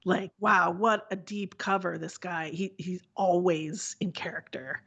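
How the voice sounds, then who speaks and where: A woman's voice: fairly low pitch, steady tone, measured pace, fairly bright tone, muffled recording. A woman co-hosting a podcast, chatting casually with a rambling manner. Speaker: podcast co-host. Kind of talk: casual chat.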